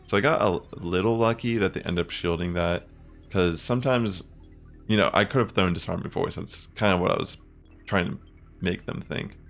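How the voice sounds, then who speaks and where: A young man casually commenting on his own online game matches, chatty and relaxed, thinking aloud with fillers. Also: low-pitched, moderate pace, creaky, soft background music. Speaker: gaming content creator.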